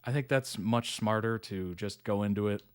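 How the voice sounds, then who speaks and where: Middle-aged man, casual reaction commentary, relaxed chatty delivery, slightly low pitch. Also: moderate pace, smooth, dry recording, studio quality. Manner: easygoing, chatty, laughs often; reads article text aloud plainly. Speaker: reaction channel host.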